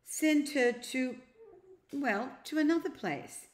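Sly old uncle put on by a woman reading, slow and coaxy, smooth talker in a storybook. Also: high voice, animated, voice pushed up. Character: scheming elderly uncle, smooth and evasive.

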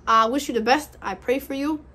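Young woman in her early twenties, slightly high voice, slangy and earnest, casual vlog chat to camera. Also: fairly quick, sharp tone. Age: early 20s. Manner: slangy, earnest, encouraging, repeats phrases. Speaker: vlogger giving college advice.

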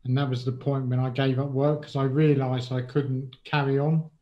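Middle-aged man from England, hesitant with ums, mellow tone, lo-fi audio. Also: medium pitch, flat delivery, normal speed. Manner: hesitant, many ums and restarts. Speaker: guest. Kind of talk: casual interview talk.

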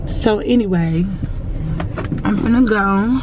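A woman's voice: medium pitch, normal speed. A young woman vlogger talking casually while driving, chatty and rambling, speaking straight to her viewers. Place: inside a car. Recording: muffled car recording with road noise. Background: car and traffic noise.

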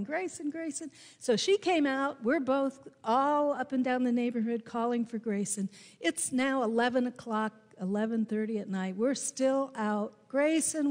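A woman pastor preaching a sermon, telling a personal story in a slow, gentle way with emphatic rises. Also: a little high. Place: church sanctuary. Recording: reverberant church sanctuary.

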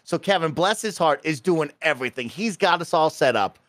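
Brief: high-pitched man, dramatic podcast storyteller, dry studio sound. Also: expressive, fairly quick, a bit bright, dry recording. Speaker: podcast regular. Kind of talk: animated storytelling.

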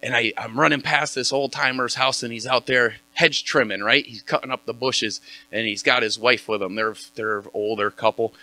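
Bright-voiced man preaching a casual sermon. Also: medium pitch, fairly even intonation, moderate pace, no room sound. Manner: chatty, joking, many fillers like "like". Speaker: church speaker giving the sermon intro. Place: church.

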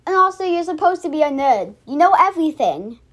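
A woman's voice: sits high, sing-song, fairly quick, fairly bright tone, faint music behind. A young woman giving casual, mocking commentary on a cartoon episode, often stopping and restarting. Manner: chatty, restarts a lot, mocking. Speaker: reaction video host.

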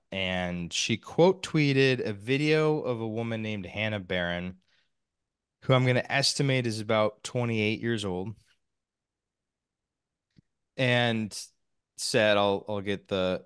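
A man hosting a podcast, talking in a measured way with restarts and small laughs. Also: on the low side, smooth, no room sound, clean studio sound. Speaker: podcast host. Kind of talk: casual podcast chat.

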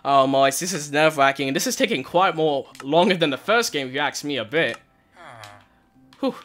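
A young man wearing a headset, giving nervous, excited gameplay commentary and crying out in panic as he plays. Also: fairly high pitch, brisk, faint music behind. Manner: nervous, shouts and cries out in panic. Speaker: gaming channel host. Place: hot room at home.

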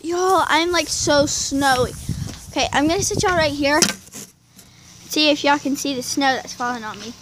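A young woman, chatting excitedly to her phone camera outdoors in falling snow, full of "y'all" and "like". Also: high voice, moderate pace. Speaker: vlogger. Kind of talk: casual outdoor vlog. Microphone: handheld phone camera. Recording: noisy outdoor phone recording.

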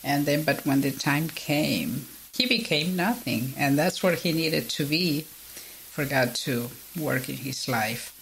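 A woman's voice: low voice, animated, takes it slowly, vocal fry, slight background noise, rough recording. A non-native English-speaking woman on a Bible discussion podcast, reflective and personal, often checking in with listeners. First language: not English. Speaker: panelist.

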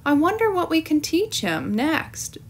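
A woman's voice: very high-pitched, very animated, measured pace, slight background noise, pitched above the performer's own voice, heavily acted. A woman voicing a laid-back male pet dog in a storybook read-aloud, with an easygoing, lazy manner.

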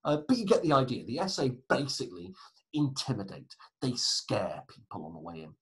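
A man's voice: medium pitch, breathy edge, rough recording. A man teaching a recorded history lesson, chatty, with asides and self-corrections.

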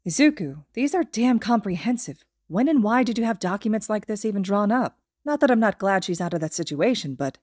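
A woman's voice: mid-range voice, lively intonation, a little fast, few pauses, a little mellow, no room sound, clean studio sound, pitched above the performer's own voice, close to an everyday voice. A woman reading a blunt young inventor. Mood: incredulous.

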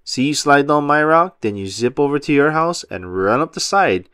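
A man voicing a dim, friendly male starfish who is loud and boastful in a storybook read-aloud. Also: a little high, expressive, normal speed, smooth, no room sound, studio quality. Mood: goofy.

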